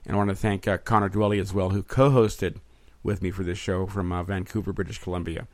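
A man's voice: low-pitched, fairly even intonation, quick pace, dry recording. A man hosting a podcast in an upbeat, chatty way, with frequent fillers. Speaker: podcast host. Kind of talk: casual podcast chat. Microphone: remote recording setup.

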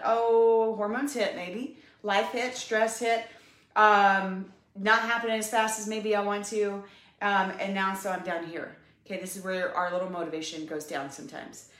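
A woman's voice: medium pitch, fairly bright tone. A woman giving an upbeat, encouraging health pep talk to a live audience, chatty and full of fillers. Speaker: health coach. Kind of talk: casual livestream pep talk. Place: home room, drawing on a whiteboard. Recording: echoey room.

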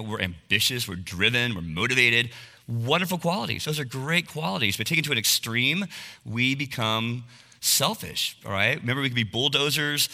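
A man's voice: medium pitch, creaky, sharp tone, long reverb tail. A man in his forties giving an earnest, confessional sermon-style talk, often checking in with his listeners. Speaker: speaker at a men's talk.

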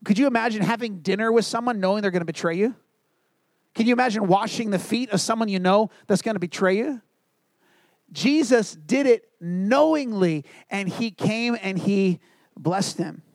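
Man, pastor, sermon, earnest storytelling, high voice, dry close sound. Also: normal speed, no echo. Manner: earnest storytelling, drops to hushed low tones for quotes and emphasis.

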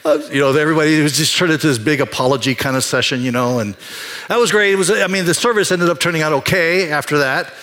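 An older man, a pastor, preaching a confessional sermon, moving from hushed, halting storytelling to loud, emphatic exhortation. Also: a little high. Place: church sanctuary.

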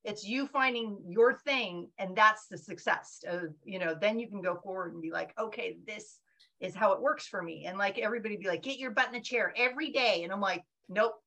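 A woman speaks with a bright, forceful edge, answering interview questions in a loose, rambling way. She keeps slipping into quoted inner monologue, and her voice sits at an ordinary middle pitch. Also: fairly quick, low-quality recording. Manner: animated, acts out her own inner voice in quotes; rambling, frequent fillers and restarts. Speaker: guest author. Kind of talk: casual podcast interview.

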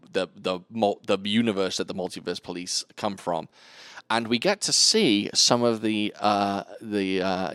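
A man's voice: lowish voice, fairly bright tone, smooth, dry recording, clean studio sound. A man hosting a podcast, recapping a film in a chatty, joking way. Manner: chatty, jokey, meandering recaps. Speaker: podcast host. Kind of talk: casual film discussion.

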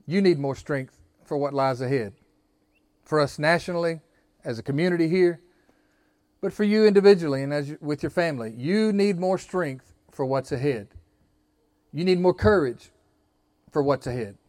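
A man's voice: a little high, normal speed, pauses often, a little mellow, no room sound, clean studio sound. A man preaching a sermon as pastor, building emphasis and leading the congregation in call-and-response.

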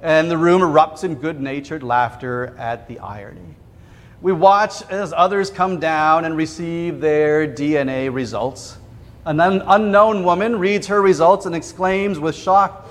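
Male pastor, slightly high voice, storytelling sermon with acted quotes, echoing sanctuary. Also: lively intonation. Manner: vivid retelling with quoted voices and dramatic pauses. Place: church sanctuary. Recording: long church reverb.

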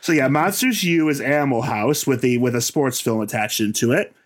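A man's voice: mid-range voice, moderate pace. Chatty man explaining at length. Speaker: podcast co-host. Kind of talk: casual chat.

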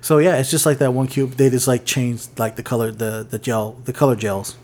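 Male podcast co-host, mid-pitched, loose and rambling, stumbles and restarts while reading notes. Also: steady tone, fairly quick, darkish tone. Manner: rambling, many fillers and restarts, reads notes aloud. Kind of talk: casual chat.

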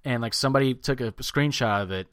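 A brash man riffs on a podcast and swears freely. His voice sits at a middling pitch. It is recorded close and dry, with no room sound. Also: quick pace, no echo. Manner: loud, crude, swearing, breaks into mocking voices. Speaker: podcast co-host. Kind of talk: casual profane chat.

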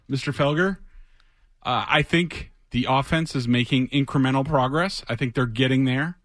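A man's voice: medium pitch, moderate pace, a bit bright, no room sound. A man, a football reporter appearing as a guest in a radio studio, explaining plays in careful detail in a casual way. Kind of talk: sports radio talk.

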